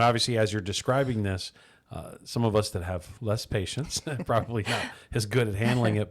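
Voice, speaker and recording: A man hosting a talk show, chatting with a guest in an affirming, reflective way and often restarting his phrases. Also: on the low side. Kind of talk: interview chat.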